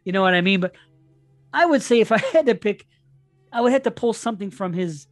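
A man's voice: high-pitched, expressive, brisk, no echo, soft background music. A man guesting on a podcast, chatting casually about horror films in a rambling, self-interrupting way with plenty of swearing. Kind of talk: casual horror film chat.

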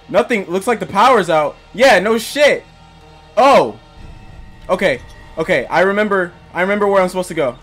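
A man's voice: high-pitched, animated, normal speed, fairly bright tone, soft background music. A young man commentating a horror game as he plays it, jittery and panicky, talking to himself and his viewers. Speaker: gaming YouTuber.

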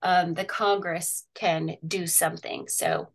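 A woman's voice: on the low side, fairly even intonation, takes it slowly. Middle-aged woman, chatty, video call, talks while sharing screen. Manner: chatty, sharing her screen, with frequent um and laughs. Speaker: guest, parent activist. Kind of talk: casual video call interview.

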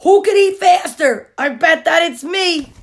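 A woman voicing a boastful, greedy male pug dog in a storybook, with loud gloating shouts. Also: high-pitched, fairly even intonation, takes it slowly, exaggerated voice. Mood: gleeful.

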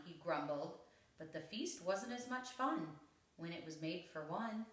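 A woman reading a rhyming picture book aloud to children in a slow, expressive, rhythmic way. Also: lowish voice. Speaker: story reader. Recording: roomy echo, mic at a distance.

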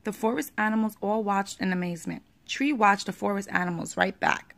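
A woman reading a children's picture book aloud at a steady pace, with the odd small slip. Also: medium pitch, a little fast, vocal fry.

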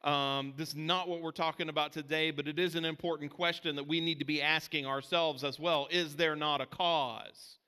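A man's voice: fairly high pitch, steady tone, fairly quick, hardly any pauses, sharp tone, clear, resonant tone. A man preaching a casual, conversational sermon as pastor, full of fillers and restarts. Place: church sanctuary. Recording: church hall reverb.

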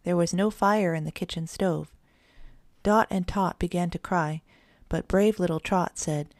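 A woman narrating a children's storybook in an even, measured reading. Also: lowish voice, no echo, clean studio sound.

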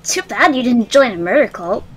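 A woman voicing an excitable young male fox, tossing gleeful mock insults at an old friend on stream. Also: on the high side, normal speed, crowd noise, close to an everyday voice. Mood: teasing. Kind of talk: voicing a game character on stream.

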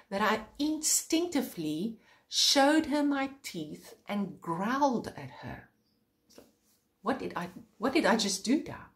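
Woman, preacher, earnest informal sermon, pausing often, mid-pitched voice. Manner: earnest, pausing often, sharpening into fervent emphasis.

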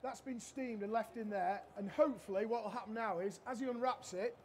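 High-voiced cheeky chef. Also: male voice, brisk, slight background noise. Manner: cheeky, loud-mouthed joker. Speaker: chef giving a cooking demonstration. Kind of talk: live cooking demo with banter. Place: demo stage at a trade show.

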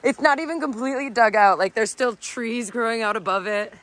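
Excitable young woman travel vlogger. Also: on the high side, brisk, low-quality recording. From North Dakota. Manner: excitable, swears casually. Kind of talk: casual travel vlog.

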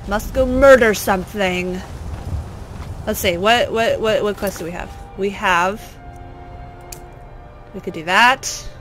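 Bright excitable woman gamer. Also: mid-range voice, slow, long pauses, faint music behind. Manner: excitable, silly, prone to sudden yelling. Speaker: let's play host. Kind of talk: casual gameplay commentary.

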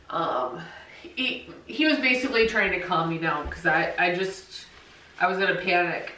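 A middle-aged woman with a bright, clear tone, chatting candidly and warmly to camera. She sits a little back from the microphone. Her voice rings in a roomy, echoey space. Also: medium pitch, normal speed. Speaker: dog-owner vlogger. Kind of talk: casual storytelling to camera. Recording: echoey room, voice a bit far from mic.

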